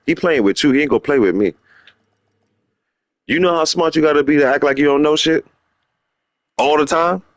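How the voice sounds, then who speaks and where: A middle-aged man hosting a gaming livestream in casual street slang. He rambles and repeats himself for emphasis, jumping into high-pitched voices when he quotes people. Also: normal speed, long pauses. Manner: rambling and opinionated, slips into animated high-pitched quoting of others.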